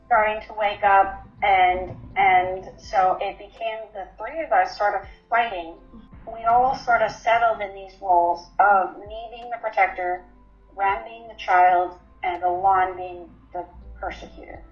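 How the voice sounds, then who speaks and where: A woman's voice: medium pitch, steady tone, unhurried, faint music behind. A woman in her twenties telling her personal story in an interview, candid and matter-of-fact, with frequent ums. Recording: roomy, slightly dull recording.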